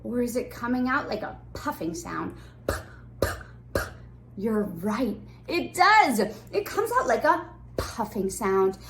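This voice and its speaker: A woman teaching an online preschool class, talking to small children in a bright sing-song voice. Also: fairly high pitch, lively intonation, a little slow, a little hiss or hum.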